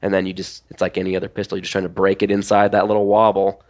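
A man's voice: low-pitched, very fast. A man, a former competitive pistol shooter, explaining things step by step in casual podcast chat with lots of "like"s. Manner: relaxed, explains step by step with many "like"s.

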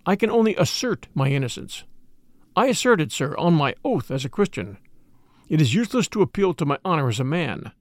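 A man reading the part of a haunted, weary middle-aged male medical assistant in a low, stern and resolute way, in a dramatic audiobook. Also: big pitch swings, a little fast, no echo. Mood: anguished.

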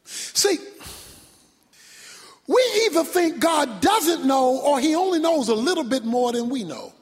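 A male pastor preaching a sermon, emphatic, swinging from shouted points to quiet low asides. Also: very animated, a little slow. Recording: long reverb from a large hall.

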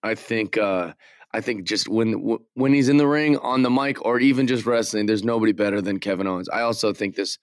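A man's voice: fairly low pitch, no room sound, clean studio sound. Laughing, enthusiastic man on a podcast. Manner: enthusiastic, laughs often, halting. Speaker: podcast co-host. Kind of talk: casual wrestling chat.

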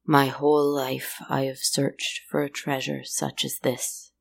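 A woman voicing a greedy pirate captain who speaks in a soft, awed, measured way. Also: a bass voice, flat delivery, vocal fry, heavily acted. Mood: awed, wondering.

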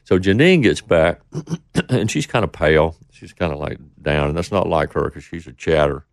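A man's voice: low voice, lively intonation, normal speed, no echo, clean studio sound. A middle-aged man telling a rambling story in casual talk, acting out the voices of the people he quotes. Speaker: interview guest.

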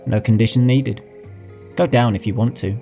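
A man's voice: medium pitch, steady tone, moderate pace, gravelly, dark tone, soft background music, pitched above the performer's own voice, natural voice. A male narrator voicing a playful, sly young nobleman in an audiobook, with an easygoing, wry delivery. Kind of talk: audiobook character voice.

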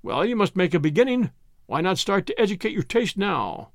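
A man's voice: high voice, sing-song, fairly quick, gravelly, no room sound, clean studio sound, exaggerated voice. A man voicing an old professor, speaking in an urgent, insistent way. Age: older. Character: old gray-browed professor, insistent host.

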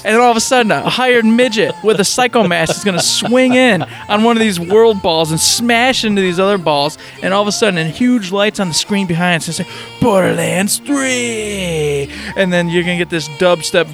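Excitable male co-host, high voice, acts out voices and laughs a lot while spinning a tale. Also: fairly quick, few pauses, faint music behind. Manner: animated storytelling, acts out voices, laughs often. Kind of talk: casual chat.

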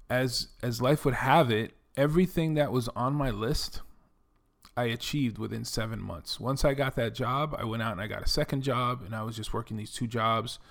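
A man's voice: mid-range voice, gravelly. A middle-aged man from the Bronx with a New York accent, telling his life story in a casual, reflective monologue full of "you know" and "um". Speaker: former Air Force veteran and doctor telling his story.

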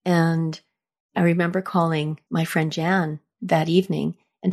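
Low gravelly chatty woman host. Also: flat delivery, a little slow, a little mellow. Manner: chatty, reflective, acts out quoted lines with a raised voice. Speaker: podcast host. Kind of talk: casual personal storytelling.

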